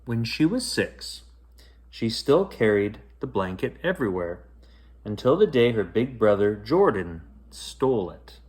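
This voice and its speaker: A man's voice: fairly low pitch, measured pace. A man reading a children's picture book aloud as a bedtime story. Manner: expressive, lilting.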